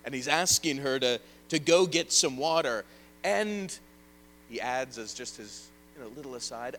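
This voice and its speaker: A man preaching an evening sermon and reading scripture aloud, earnest, rising loud and then dropping soft. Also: medium pitch, lively intonation, measured pace, a little hiss or hum, low-quality recording.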